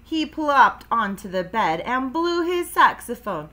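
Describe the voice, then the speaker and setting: A woman's voice: on the high side, very animated, unhurried, a bit bright. A woman teacher reading a children's storybook aloud expressively, with playful sound effects.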